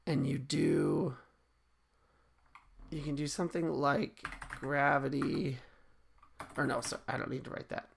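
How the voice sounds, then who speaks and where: A man's voice: a little high, gravelly, slightly rough. A man casually coding on a live stream, thinking aloud and often correcting himself mid-sentence as he chats with viewers. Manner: relaxed and chatty with viewers. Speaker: streamer teaching game coding. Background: keyboard typing and clicks.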